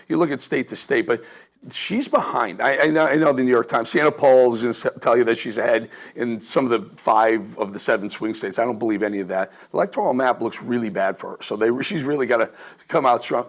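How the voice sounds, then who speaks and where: A male political commentator with a gravelly, fry-edged voice at medium pitch. He talks in a fired-up rush, tripping over his words and restarting. He sounds like a guest on a talk show. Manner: fired up, stumbles and restarts often. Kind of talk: political commentary in a remote interview.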